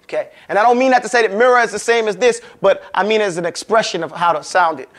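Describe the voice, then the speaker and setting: A man teaching a Quran recitation class, casually explaining sounds and drilling them by stretching and repeating each one slowly. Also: high-pitched, a bit bright. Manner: casual, conversational teaching with frequent check-ins. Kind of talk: classroom lesson.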